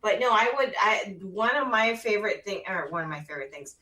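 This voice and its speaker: A woman guest chatting on a radio show, sounding set back from the microphone in a roomy space. She talks freely and often chimes in with short agreements while the host speaks. The room echo softens her voice. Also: medium pitch, lively intonation, brisk, recorded from a distance. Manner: chatty, frequent agreeing interjections. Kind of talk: casual radio chat.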